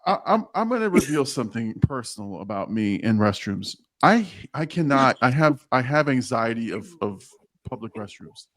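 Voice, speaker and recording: A man co-hosting a casual podcast, telling animated stories full of quoted dialogue, with frequent restarts. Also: medium pitch, moderate pace. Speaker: podcast co-host, HR professional. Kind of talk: casual chat.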